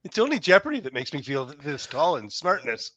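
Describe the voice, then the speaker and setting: A man's voice: a little high, big pitch swings, a little fast, a bit bright, no echo. A man co-hosting a live show, joining in with joking, self-deprecating remarks. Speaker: co-host. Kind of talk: casual live chat.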